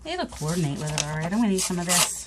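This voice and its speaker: A woman's voice: fairly low pitch, very animated, very fast, very noisy. A woman chatting casually to viewers in a crafting vlog, rambling and self-mocking while she works at her table. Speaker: craft vlogger.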